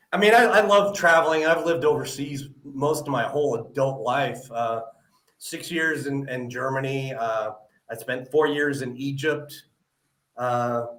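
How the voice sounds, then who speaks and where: A man's voice: medium pitch, a bit bright. A man hosting a live-stream podcast, chatting upbeat with lots of "uh" fillers. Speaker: podcast host. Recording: roomy echoey audio.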